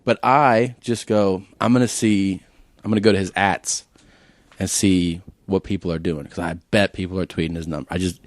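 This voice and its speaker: A man hosting a podcast in casual chat, telling an animated story and reading texts aloud in put-on voices. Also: sits low, normal speed, no echo. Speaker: podcast host.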